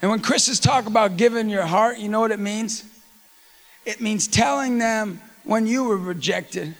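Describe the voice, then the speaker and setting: A middle-aged man delivers a sermon woven with personal stories. His voice sits high and carries a gravelly fry, and his passion keeps swelling into near-shouts. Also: moderate pace, big-room sound. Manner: impassioned, often rising to near-shouts. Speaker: preacher.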